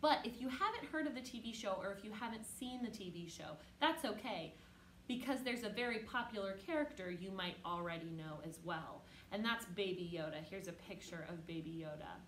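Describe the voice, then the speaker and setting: A woman's voice: medium pitch, lively intonation, fairly bright tone, slight background noise. A woman teaching an online music lesson to children, speaking patiently and encouragingly. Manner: patient, encouraging, speaks slowly and clearly to kids. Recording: roomy echo, faint music behind.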